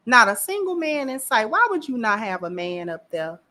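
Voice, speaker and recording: Woman, bright tone, sassy emphatic commentary, slightly high voice. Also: very animated, normal speed. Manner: sassy, emphatic, acts out quotes. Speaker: political commentator. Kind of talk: casual commentary vlog.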